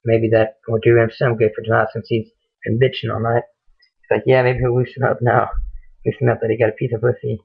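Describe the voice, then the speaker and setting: A young man tells a gory horror story in a loose, profane ramble, dropping into the characters' lines in his own voice. His delivery is flat and husky. The recording is thin and muffled, like it came through a phone. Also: medium pitch, brisk. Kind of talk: casual spoken horror story retelling.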